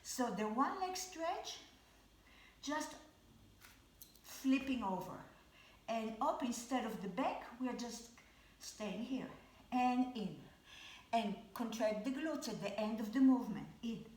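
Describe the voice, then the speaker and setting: Speaking slowly and a bit high, a woman teaches a live Pilates session at home. Her cueing is calm and repetitive, with counts for every move, and the room echoes.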